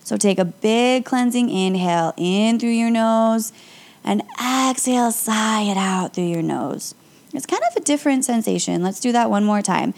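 A young woman, a yoga instructor and podcast host, talks listeners through calm breathing exercises in a casual, encouraging way. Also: mid-range voice. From Las Vegas area. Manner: calm, upbeat and encouraging, with light laughs.

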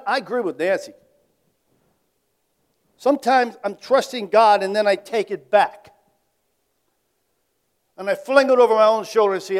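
High-voiced man preaching with rhetorical questions. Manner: conversational, asks the audience rhetorical questions; varies loudness, dropping to quiet tag questions. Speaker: pastor. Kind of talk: sermon.

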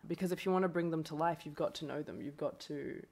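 A woman's voice: low-pitched, steady tone, quick pace, a little mellow. A woman from Brazil whose first language is Portuguese, a guest chatting casually on a podcast and laughing often.

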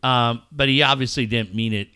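A man's voice: medium pitch, fairly even intonation, moderate pace, sharp tone, clean tone. A man, a sports radio host, joking and ribbing his co-host in casual podcast banter, swearing freely. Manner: joking, mock-emotional, profane.

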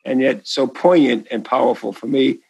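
A man's voice: medium pitch, normal speed, vocal fry, a little mellow, breathy edge, dry recording, rough recording. A man with a Boston accent, an author answering an interview question in a rambling, enthusiastic way full of asides and restarts.

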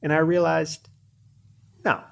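A man's voice: fairly high pitch, takes it slowly, gravelly, smooth. A man speaking as a guest in a conversational podcast interview, telling stories with energy and filling his speech with "like" and "you know.". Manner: lively storyteller acting out quoted lines; frequent fillers like "like" and "you know". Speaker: podcast guest, leadership coach.

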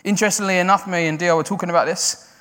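A man preaching a sermon to a congregation. He swings between loud, raised cries and quiet, conversational explaining. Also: sits high, fairly even intonation, rapid-fire. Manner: builds to loud cries when quoting, then drops quiet and conversational. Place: church hall. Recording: long hall reverb.

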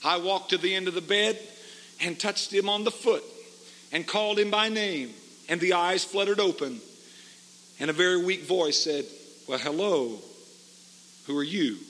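A man preaching a revival sermon, moving from quiet storytelling to fervent shouted exhortation. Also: high voice, normal speed, a little hiss or hum. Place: church revival service. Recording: long hall reverb from the church.

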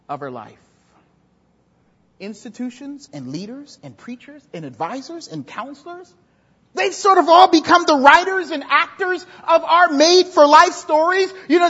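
A woman preaching a sermon in a church, talking in an animated, conversational way and often repeating words as she builds a point. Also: high-pitched. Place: church sanctuary. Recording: dull echoey church hall recording.

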